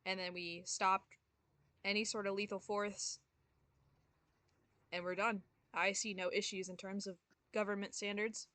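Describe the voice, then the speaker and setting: A woman speaking in character as a player, flat and matter-of-fact. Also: mid-range voice, a little slow, long pauses, dry recording. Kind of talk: in-character tabletop play.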